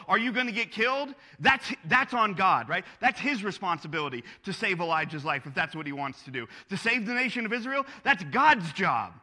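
A man's voice: high voice, animated, a little fast, few pauses, bright, forceful tone, big-room sound. A man preaching a sermon as pastor, earnest and conversational, asking his listeners rhetorical questions.

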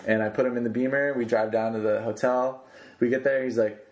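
A man's voice: medium pitch, steady tone, a little fast, darkish tone. A young man co-hosting a podcast, telling a story in a laid-back, slangy way and laughing easily. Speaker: podcast co-host. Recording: roomy echo.

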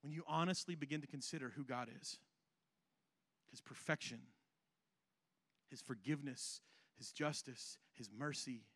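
A man's voice: medium pitch, moderate pace, long pauses, a bit bright, no echo. A male pastor preaching a sermon in a conversational, humorous way, reading scripture and often checking in with his listeners.

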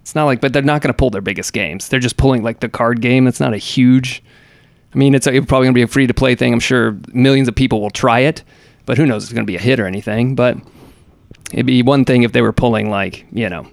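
A man's voice: medium pitch, fast, gravelly, no room sound, studio quality. A man co-hosting a podcast, chatting casually about gaming news in a rambling, hesitant way full of fillers and restarts. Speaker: podcast co-host.

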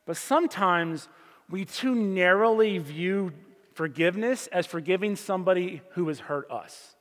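A male pastor with a slightly high voice preaches unhurriedly and conversationally, shifting between sudden loud emphasis and hushed asides. Long reverb makes it sound like a large church sanctuary.

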